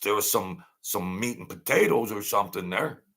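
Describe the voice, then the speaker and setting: A man's voice: lowish voice, expressive, moderate pace, fairly bright tone. A middle-aged man hosting a late-night hangout stream, rambling in a mocking tone and repeating himself. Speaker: channel host.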